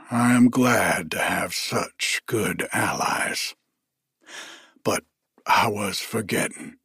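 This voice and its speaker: A man voicing a white-haired old male soldier with a soft, hushed, courteous way of speaking. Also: fairly low pitch, slightly rough, dry recording, clean studio sound, heavily acted.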